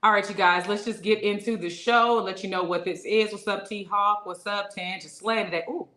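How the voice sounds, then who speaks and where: A woman's voice: medium pitch, fairly even intonation, normal speed, a bit bright. A woman co-hosting a live-streamed relationship podcast, bubbly and chatty as she reads viewer comments aloud. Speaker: podcast co-host. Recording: echoey room.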